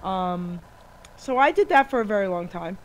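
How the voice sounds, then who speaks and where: Teasing animated woman radio host. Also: medium pitch, normal speed, rough recording. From Italian-American family. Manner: teasing, animated, laughs often. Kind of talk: casual chat. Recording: live radio studio with faint noise.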